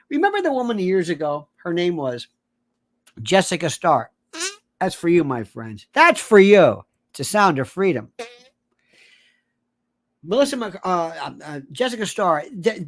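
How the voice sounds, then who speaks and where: A male commentator delivers a rambling, theatrical political monologue, his pitch swinging widely from line to line. He keeps correcting himself mid-sentence and slips into mimicking the voices of the people he describes.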